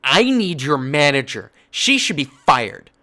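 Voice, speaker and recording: A man voicing a furious, entitled middle-aged woman shopper who shouts insults. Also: on the high side, big pitch swings, a little slow, voice pushed up, full character voice. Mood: shrill fury.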